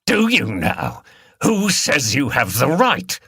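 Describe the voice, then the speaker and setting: A man playing a burly, bearded countryman beater who speaks gruffly and threateningly. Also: medium pitch, huge pitch swings, takes it slowly, a bit bright, no room sound, studio quality, voice pushed up, heavily acted. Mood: menacing.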